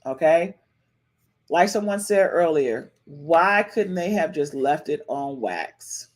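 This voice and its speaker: A woman hosting a live-stream podcast in casual chat, animated and sassy, repeating herself often. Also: low voice, slow pace. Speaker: podcast host.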